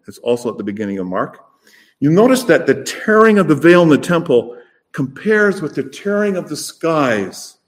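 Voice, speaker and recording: A man preaching a sermon, rising to loud emphatic peaks and then dropping to soft, low phrases.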